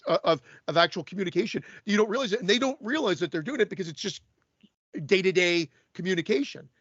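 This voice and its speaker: A Canadian man chatting casually as a podcast co-host, his voice a bit high for a man. He rambles and restarts his sentences often. The sound is dry and a little muffled. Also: expressive, fast talker, a bit bright, no echo. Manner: rambling, many restarts and stammers. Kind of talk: casual chat.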